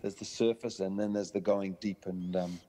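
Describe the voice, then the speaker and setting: Low-pitched and speaking at a normal speed, this dog trainer is heard in a large hall over some background noise. In his podcast interview he tells stories with gusto, acting out the voices of people and dogs.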